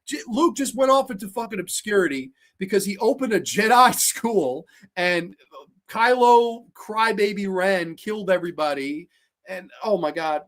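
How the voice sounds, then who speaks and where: A woman hosting a casual film review show, ranting in a profane, sarcastic, animated way. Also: medium pitch. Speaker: host.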